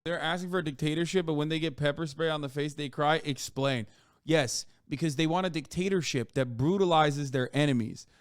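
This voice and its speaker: A man streaming, ranting in casual commentary with a profane, mocking edge that swings from low mutters to loud outbursts. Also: brisk, clean tone, dry recording, studio quality.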